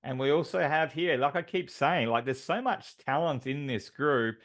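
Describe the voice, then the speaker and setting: A man's voice: medium pitch, moderate pace, a bit bright. A man co-hosting a team call, announcing award winners with enthusiastic, filler-heavy talk.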